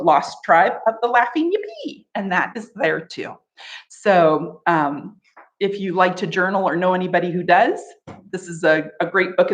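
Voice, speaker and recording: Woman, laughter yoga coach, playful, animated pitch, streamed from home. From United States. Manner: playful, laughing often, chanting ho ho ha ha. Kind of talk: live online laughter yoga session.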